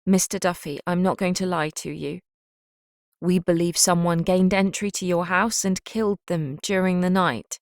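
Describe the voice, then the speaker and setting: A woman reading a female detective's lines, gentle, measured and formal. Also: lowish voice, fairly even intonation, no echo, studio quality, close to an everyday voice. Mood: gentle, solemn. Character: calm, careful female police detective delivering bad news.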